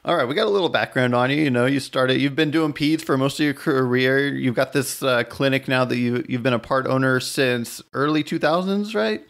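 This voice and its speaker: A man hosting a podcast, asking questions in relaxed casual chat with short friendly affirmations. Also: medium pitch, a little fast, few pauses. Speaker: podcast host.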